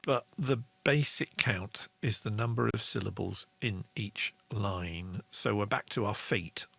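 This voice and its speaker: A man's voice: on the low side, a little slow, vocal fry, a bit bright, husky, no echo. A middle-aged man hosting a casual online songwriting lesson, chatty and enthusiastic as he explains meter. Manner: chatty and enthusiastic, reads viewer comments aloud, sings rhythm syllables. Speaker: songwriting show host.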